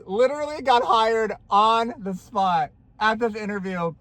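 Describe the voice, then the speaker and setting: Young man vlogger, casual and gushing, swears freely, fairly high voice, phone-camera feel. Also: measured pace, few pauses, sharp tone. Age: 20s. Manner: gushing, chatty, swears a lot. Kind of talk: casual vlog.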